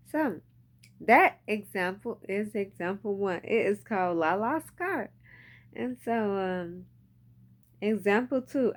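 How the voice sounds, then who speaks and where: A young woman, casually telling personal stories with lots of "like" and "um". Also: mid-range voice. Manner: chatty, frequent fillers like "like" and "um". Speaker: vlogger. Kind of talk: casual storytelling to camera.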